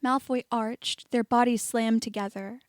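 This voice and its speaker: A woman narrating a fan-fiction story in a quiet, measured reading. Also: fairly high pitch, fairly even intonation, no room sound, studio quality. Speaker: audiobook reader.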